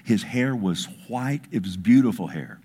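A man preaching a sermon, telling stories with emphasis, his voice dropping hushed and then rising, with frequent asides like "listen" and "I mean.". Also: fairly low pitch, lively intonation, normal speed, slightly rough. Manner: storytelling, emphatic, swings between hushed and raised; repeats "listen" and "I mean" as fillers. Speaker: pastor.

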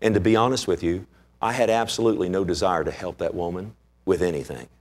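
A man preaching a sermon, explaining scripture and acting out its characters. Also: fast talker. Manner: animated, acts out scripture characters; pitch swings widely for emphasis.

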